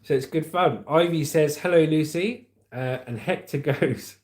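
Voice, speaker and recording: A man's voice: fairly high pitch, measured pace, a little hiss or hum. Chatty British man hosting a livestream. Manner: chatty, jokey, reads comments aloud. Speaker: livestream host. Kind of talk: casual live chat reading comments.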